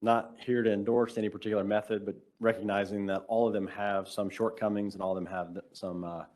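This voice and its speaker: Low-voiced man explaining a technical topic. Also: level tone, a little mellow. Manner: measured, explanatory, casual phrasing. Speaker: workshop presenter. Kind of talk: technical presentation on a web call.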